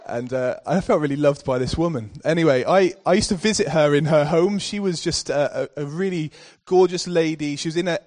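A male preacher with a somewhat high voice, delivering a sermon to his church. He opens with warm personal storytelling, then rises into emphatic, forceful readings of scripture. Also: fairly quick, few pauses.

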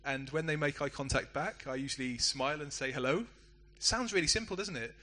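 A middle-aged man, a pastor preaching a sermon in a relaxed, conversational storytelling way with self-deprecating asides. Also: fairly high pitch, a little fast. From England.

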